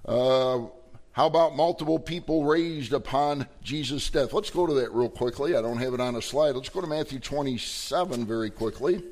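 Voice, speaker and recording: Middle-aged male pastor, mid-pitched voice, animated storytelling sermon that acts out the quotes. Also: moderate pace.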